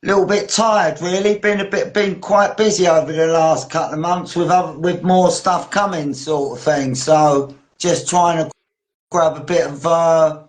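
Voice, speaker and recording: A man's voice: fairly high pitch, steady tone, moderate pace. A man from South East London with a London accent, a guest on a podcast, chatting easily and bluntly with the odd swear. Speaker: actor and author guest. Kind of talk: casual interview chat.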